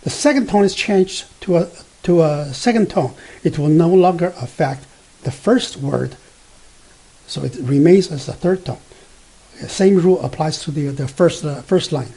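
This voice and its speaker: A man teaching beginner Mandarin from slides, explaining slowly and haltingly with many fillers, and reading example sentences tone by tone. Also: on the high side, dark tone, husky. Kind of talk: slide-based language lesson.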